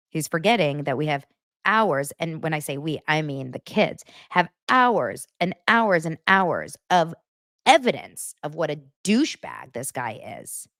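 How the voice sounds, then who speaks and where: A woman's voice: low-pitched, fairly bright tone, no echo, studio quality. A woman hosting a pop-culture commentary show, ranting in a blunt, sarcastic, exasperated way. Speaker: host.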